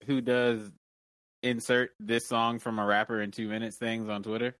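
A man chatting casually on a livestream, relaxed and muttering to himself while he searches for things. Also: mid-range voice, moderate pace, clean tone, dry recording. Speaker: streamer.

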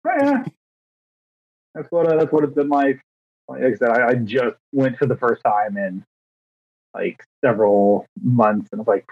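A man's voice: medium pitch, animated, normal speed, long pauses, breathy edge. A man of thirty co-hosting a podcast, telling rambling, self-deprecating stories with fillers in casual chat. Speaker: podcast co-host. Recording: dry, slightly dull podcast mic.

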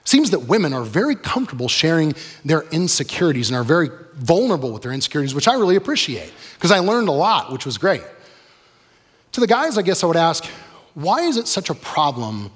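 A man preaching a sermon in a relaxed, conversational way, often asking the audience questions. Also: on the high side, brisk, breathy edge. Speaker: pastor. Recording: long reverb of a large hall.

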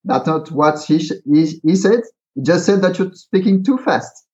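A man's voice: on the high side, expressive, moderate pace, darkish tone. Hesitant man, lo-fi sound. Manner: hesitant, many fillers and restarts, explains with examples. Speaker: guest, creator of a pitching card game. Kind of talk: casual interview talk. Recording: dull, lo-fi sound.

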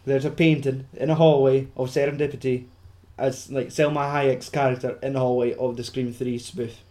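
A man's voice: medium pitch, little pitch movement, moderate pace, warm tone. A man co-hosting a casual film chat, rambling and sweary with lots of fillers. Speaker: podcast co-host.

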